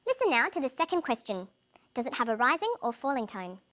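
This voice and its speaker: A woman with a slightly high voice narrates a scripted English lesson. She explains each point clearly and plainly. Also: big pitch swings, brisk, fairly bright tone. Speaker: English teacher.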